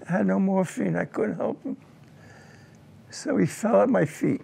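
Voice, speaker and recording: Gravelly-voiced older man recalling war. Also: high-pitched, darkish tone. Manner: halting, repeats words while telling a painful memory. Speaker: war veteran recounting combat. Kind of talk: oral history interview.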